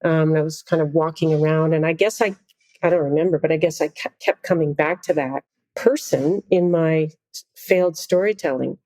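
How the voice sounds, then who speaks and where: A middle-aged woman with a fairly low voice tells a story as a podcast guest. She is animated, acting out what people said and laughing often, recorded close and dry. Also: brisk, no room sound. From Canada. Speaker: guest conductor.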